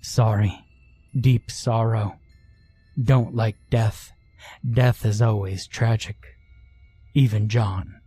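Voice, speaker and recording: A man voicing a sorrowful moth-like alien creature that talks slowly in short, broken phrases. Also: fairly low pitch, fairly even intonation, warm tone, breathy edge, faint music behind. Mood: grieving. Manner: slow, clipped, broken phrases.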